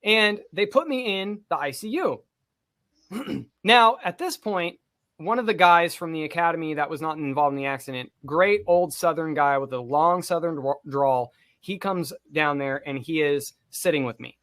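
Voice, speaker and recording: A podcast co-host, a man whose voice sits a little higher than most. He tells a personal story casually, with plenty of swearing and colorful detail. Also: normal speed. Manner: profane, vivid, animated storytelling.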